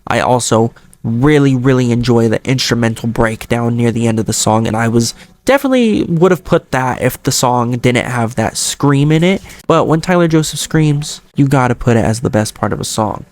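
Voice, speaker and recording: A man's voice: medium pitch, expressive, normal speed. Chatty, enthusiastic man reviewing music. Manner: enthusiastic, chatty fan talk with playful jokes. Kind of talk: casual album review monologue.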